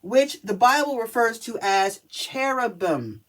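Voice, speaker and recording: A woman's voice: fairly high pitch, lively intonation, unhurried. A woman talking casually to camera as a spiritual reader, chatty and emphatic, often checking in with the listener. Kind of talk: casual spiritual reading video.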